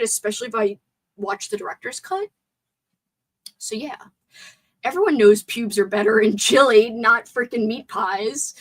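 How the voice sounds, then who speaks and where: A woman's voice: fairly high pitch, rough recording. Chatty woman streamer with a sore throat. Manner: chatty and excitable, reads viewer comments aloud. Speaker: live stream host. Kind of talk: casual live stream movie chat.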